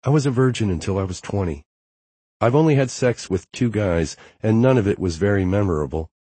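A man voicing a shy but playful young woman in an audiobook, speaking softly and confidingly. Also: fairly low pitch, animated, fairly quick, dry recording, voice pushed up. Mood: eager confiding. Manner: breathy, soft-spoken confiding. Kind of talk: audiobook dialogue.

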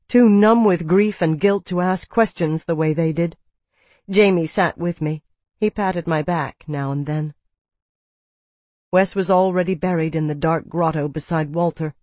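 A narrator reads a first-person story in a quiet, somber way. The voice sits at a middle pitch. It is recorded close and dry, with no room sound. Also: moderate pace, no room sound. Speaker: audiobook narrator.

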